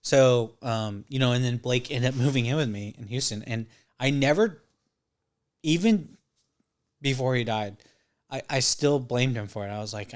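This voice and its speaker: A man in his thirties with a mid-pitched voice tells a rambling, profane story in a casual chat. He acts out other people's lines as he goes. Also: moderate pace. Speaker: podcast guest.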